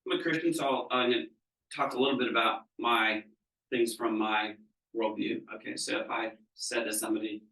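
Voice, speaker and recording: A man's voice: medium pitch, steady tone, a little fast, sharp tone. A man, a business coach, giving a conversational training talk to a group and checking in with the audience as he goes. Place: training seminar room. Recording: roomy room, mic at a distance.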